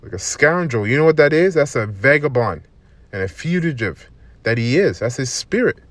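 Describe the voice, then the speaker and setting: A man giving a preaching monologue. He reads verses slowly, tacks "man" and "okay?" onto his phrases, and stumbles and restarts words often. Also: mid-range voice, big pitch swings, fairly bright tone, dry recording. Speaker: scripture teacher.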